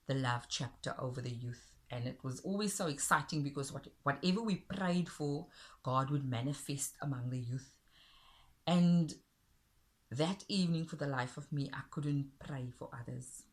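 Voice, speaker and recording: A woman's voice: extremely low pitch, normal speed. A middle-aged woman giving an earnest, heartfelt personal faith testimony, sometimes reciting a poem. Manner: earnest, heartfelt, rising with emotion when quoting God. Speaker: Christian speaker sharing a testimony.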